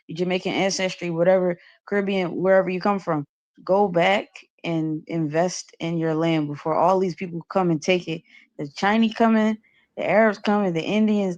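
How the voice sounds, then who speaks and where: A woman's voice: on the low side, a little mellow, highs cut off. A woman talking casually on a podcast, sharing opinions in a conversational way. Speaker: podcast co-host. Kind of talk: casual chat.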